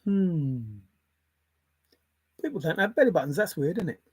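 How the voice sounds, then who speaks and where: A man's voice: high voice, big pitch swings, normal speed, darkish tone, husky, dry recording. Playful rambling man, dry sound. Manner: playful, jumping between silly word associations. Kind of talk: rambling solo musing.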